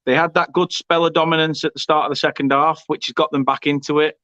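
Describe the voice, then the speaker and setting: A man's voice: on the high side, flat delivery, quick pace, sharp tone, no room sound. Chatty man hosting a football stream. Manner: chatty, jokey, stumbles and repeats words. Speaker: host of a football watchalong. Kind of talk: casual live-stream chat, reading viewer comments. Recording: dull lo-fi stream audio.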